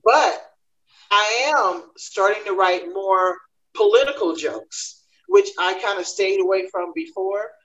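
A woman comedian talking through a panel discussion, telling her story in quick animated bursts. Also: mid-range voice, muffled recording.

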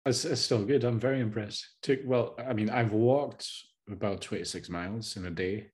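A man co-hosting a podcast, laid-back and casually swearing in relaxed chat. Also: lowish voice, moderate pace. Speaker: podcast co-host.

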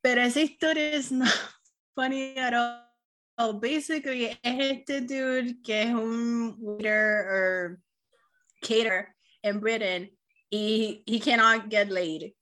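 A woman's voice: a little high, fairly even intonation, slow, fairly bright tone. A woman co-hosting a casual movie review chat, laughing often and switching between English and Spanish.

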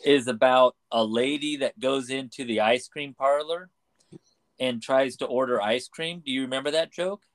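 A man co-hosting a podcast, telling a story in a casual chat with halting restarts. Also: mid-range voice. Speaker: podcast co-host.

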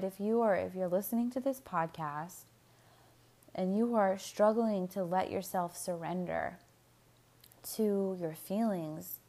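A young woman hosting her own podcast, talking candidly in a casual solo monologue, swearing freely and filling her talk with "like" and laughs. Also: mid-range voice. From United States. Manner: candid, profane, animated, with frequent fillers and laughs. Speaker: podcast host.

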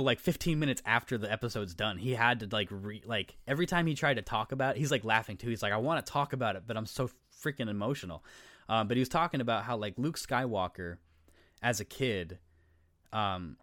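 A man co-hosting a podcast, telling stories in an excitable, rambling way and swearing casually. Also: medium pitch, no room sound, clean studio sound. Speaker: podcast co-host. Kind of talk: casual chat.

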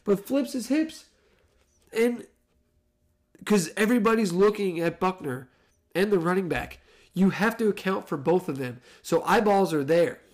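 A man, a father with young kids, giving a rambling, animated solo commentary on a football game and correcting himself as he goes. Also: high-pitched, measured pace, long pauses. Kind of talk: casual solo sports commentary.

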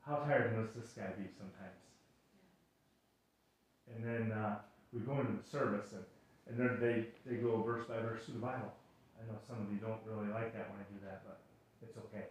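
A man's voice: lowish voice, flat delivery, fairly quick. A male pastor giving a conversational sermon, telling stories with playful acted-out voices and self-deprecating humor. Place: church sanctuary. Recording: echoey room, voice far from the mic.

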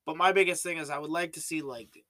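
A man's voice: on the high side, steady tone, quick pace, pushed and bright. A young Canadian man with a Canadian accent, hosting a solo podcast in a casual, rambling way with many fillers and restarts. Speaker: podcast host.

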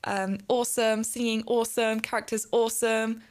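A woman's voice: on the high side, level tone, normal speed. A bubbly young woman, hosting a student radio show in a rambling casual chat that is full of laughs. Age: young adult.

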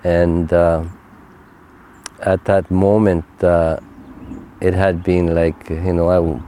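A man's voice: low-pitched, level tone, dark tone, a little hiss or hum. An older man, telling his own faith testimony in an earnest, heartfelt way. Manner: earnest, heartfelt, unhurried storytelling. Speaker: interview guest.

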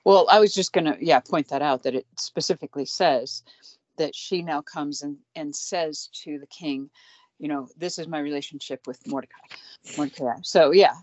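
A woman with a slightly low voice explains scripture confidently in a relaxed discussion. Her delivery is clear and assured, and the recording is dry with no room sound. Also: moderate pace, no room sound, lo-fi sound. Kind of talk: casual Bible study discussion.

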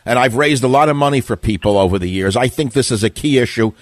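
A man's voice: medium pitch, fast, no echo, clean studio sound. An older man hosting a call-in talk radio show, speaking in a combative, opinionated way with rambling asides.

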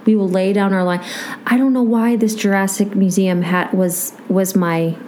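A woman's voice: medium pitch, steady tone, normal speed, warm tone, a little hiss or hum. A woman co-hosting a podcast in casual chat, opinionated and plain-spoken with a dry, sarcastic edge. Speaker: podcast co-host.

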